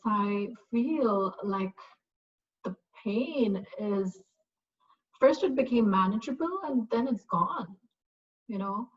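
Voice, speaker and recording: A woman's voice: medium pitch, a bit bright, dull audio. A middle-aged woman, a parent, giving a casual, reflective personal testimonial with many fillers. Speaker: parent and course graduate.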